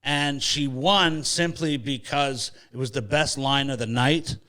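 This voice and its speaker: A male podcast host tells a funny family story with animated, jokey delivery. His voice sits at a middle pitch. He talks in a relaxed, casual way. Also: unhurried. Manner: animated, jokey anecdote telling.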